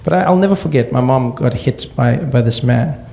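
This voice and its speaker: A man from Africa telling a comic personal story with wry, deadpan asides. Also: mid-range voice, moderate pace, creaky.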